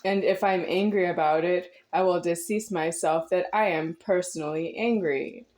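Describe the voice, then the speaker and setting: A woman's voice: lowish voice, steady tone, normal speed, a little mellow. Intense woman in her forties, rambling. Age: 40s. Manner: intense, repetitive, confrontational. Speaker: vlogger. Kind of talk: rambling spiritual monologue to viewers.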